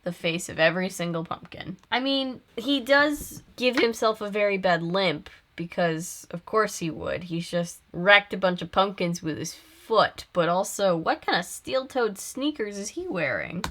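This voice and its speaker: A woman's voice: mid-range voice, animated, a little slow, hardly any pauses, a bit bright. A young woman hosting a casual film review, chatty and wry, often laughing. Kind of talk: casual commentary.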